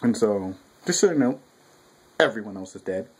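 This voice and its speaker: A man's voice: on the low side, moderate pace, husky, poor audio. A young man reviewing a manga chapter in a casual, rambling, profane way, at home with his cat nearby. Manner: profane, rambling, animated quoting.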